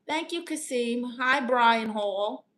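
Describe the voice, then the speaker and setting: A woman's voice: a little high, slow pace, fairly bright tone. A woman with a New York accent on a live stream, reading viewers' comments aloud and answering them as a chatty, playful aunt who calls people honey. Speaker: live streamer giving advice.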